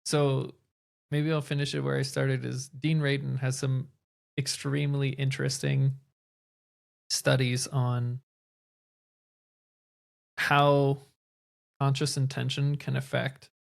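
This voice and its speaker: Male podcast co-host, level gravelly delivery, thoughtful explainer. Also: mid-range voice, little pitch movement, takes it slowly, long pauses. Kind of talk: casual podcast conversation.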